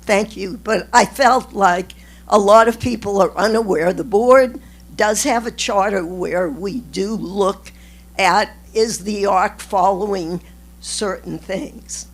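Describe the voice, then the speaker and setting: A woman losing her voice makes a measured, earnest statement at a community meeting. She talks slowly and deliberately. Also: mid-range voice. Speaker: board member. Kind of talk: statement at a town hall meeting.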